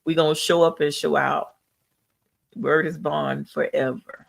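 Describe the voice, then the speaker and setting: A woman's voice: deep voice, little pitch movement, unhurried, creaky. A woman hosting a live podcast, speaking in an earnest, encouraging, preacherly way, with speech. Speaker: podcast host. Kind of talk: live podcast tribute talk.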